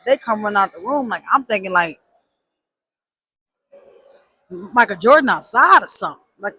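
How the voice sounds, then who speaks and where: A woman telling a personal story in a casual, animated way, with emphatic repeats and slang. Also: medium pitch, quick pace, breathy edge, no echo.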